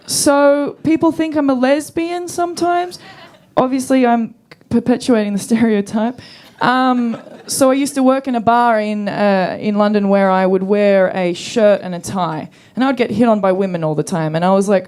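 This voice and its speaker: Young woman doing stand-up, dry sarcastic delivery, acts out the quotes, voice a bit on the high side. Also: moderate pace. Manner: deadpan, sarcastic storytelling with acted-out quotes. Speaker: stand-up comedian. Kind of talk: stand-up comedy set.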